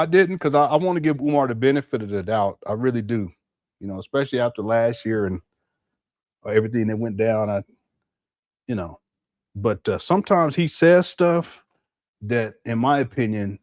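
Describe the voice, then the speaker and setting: A man's voice: medium pitch, no echo, studio quality. A man chatting casually on a live stream, musing aloud and repeating himself as he comments. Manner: rambling, musing, with a lot of repetition.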